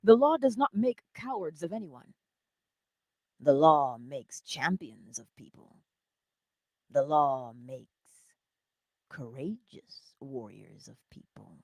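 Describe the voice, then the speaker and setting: A woman hosting a morning inspiration stream, giving an animated motivational talk that moves between loud cheering and soft whispers, laughing often. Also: low voice, slow, pauses often, no echo, studio quality.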